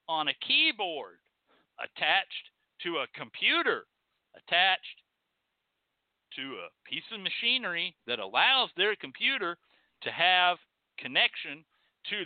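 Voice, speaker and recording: A man's voice: high voice, dry recording. A man hosting a show, ranting in a profane, sarcastic, emphatic way. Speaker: podcast host teaching folk magic. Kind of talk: ranting monologue. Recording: tinny, phone-like, dry.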